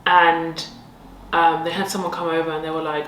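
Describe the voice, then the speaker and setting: Lower-voiced young woman, distant and echoey. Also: flat delivery, moderate pace, fairly bright tone. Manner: chatty, self-conscious asides. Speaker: podcast co-host. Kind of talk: casual chat. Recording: echoey room, mic at a distance, faint hiss.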